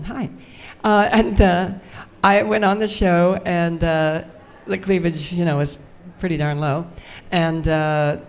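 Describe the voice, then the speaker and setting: A woman's voice: fairly low pitch, darkish tone. An older woman telling anecdotes as a guest on a convention panel, chatty and self-mocking. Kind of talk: storytelling on a fan panel. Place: convention stage before a live audience.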